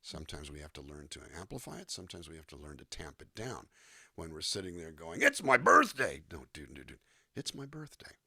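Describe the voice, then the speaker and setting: A man's voice: a bass voice, animated, quick pace, creaky, bright, forceful tone, breathy edge. A man who works as a voice actor and musician, talking in an interview and demonstrating line readings. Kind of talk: conversational interview.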